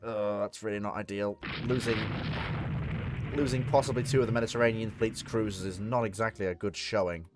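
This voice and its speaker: A man's voice: fairly low pitch, brisk, loud music behind the voice. A man commentating live on a naval strategy game, swearing and talking to the ships on screen. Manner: swearing, excitable, talks to the game. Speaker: streamer.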